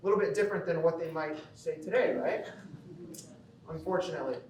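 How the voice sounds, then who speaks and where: Recorded from far away in an echoey banquet hall with slight background noise, a Midwestern teacher delivers a conversational lecture at a school banquet, often asking "okay?" to check in with listeners. His voice is fairly high, a little mellow and a little fast, with fairly even intonation.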